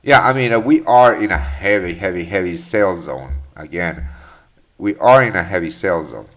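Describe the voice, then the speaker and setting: A man's voice: sits low, lively intonation, moderate pace, fairly bright tone. A man hosting a live trading stream, answering chat questions in a loose, profane way with many fillers and restarts. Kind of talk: casual live market commentary.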